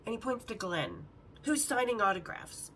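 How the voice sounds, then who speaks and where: A woman hosting a podcast, telling candid, bawdy stories in a lively, casual way and acting out the other people in them. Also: on the high side, normal speed, slight background noise, poor audio. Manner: lively, acts out the others' lines in her story. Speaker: podcast host. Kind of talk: casual storytelling.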